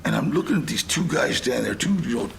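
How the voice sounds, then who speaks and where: An older man with a gravelly, creaky voice tells stories on a talk show. His pitch swings widely as he acts out other people's lines, and a faint rumble sits under the recording. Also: quick pace. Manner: rambling, animated, acts out quotes. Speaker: guest. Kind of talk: casual storytelling.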